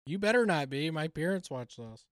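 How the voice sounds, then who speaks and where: Deadpan male co-host, casual swearing, slightly higher voice, dry recording. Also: normal speed, dry recording. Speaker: podcast co-host. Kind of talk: casual comedic banter.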